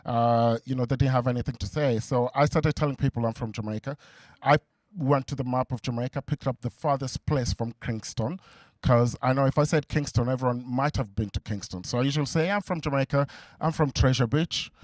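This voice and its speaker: A young man doing a stand-up comedy set, halting and full of fillers, on a stage mic in front of a live audience. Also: medium pitch, darkish tone, dry recording, studio quality. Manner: halting, with many fillers and restarts. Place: comedy venue before a laughing crowd.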